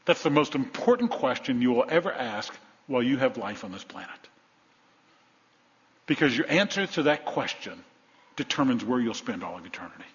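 A man preaching a sermon as pastor, dramatic, swinging between hushed and loud delivery. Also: mid-range voice, big pitch swings, normal speed. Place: church sanctuary. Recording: dull, long-reverb church hall.

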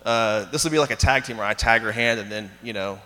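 A man with a bright, forward tone preaches in a church. He keeps it conversational, asking the congregation questions and using plenty of fillers. His voice carries a long reverb through the hall. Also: fairly low pitch, fast talker. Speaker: pastor. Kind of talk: sermon. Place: church sanctuary.

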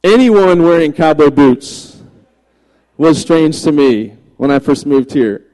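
Joking pastor in a reverberant hall. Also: male voice, on the high side, takes it slowly. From Virginia, USA. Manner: chatty, joking, animated anecdotes. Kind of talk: humorous sermon storytelling. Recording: long reverb of a large hall.

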